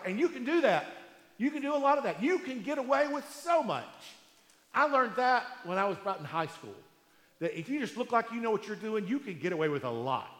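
A man preaching a sermon in a conversational storytelling way, with emphatic pauses, in a large hall. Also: high-pitched, fairly bright tone. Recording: echoey hall with long reverb.

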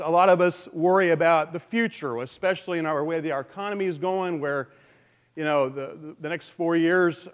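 A man preaching a conversational sermon to his congregation in a church. He speaks informally, halting and repeating words as he goes, from announcements into teaching and prayer. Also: on the high side. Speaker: pastor. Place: church sanctuary. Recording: long hall reverb in a large church.

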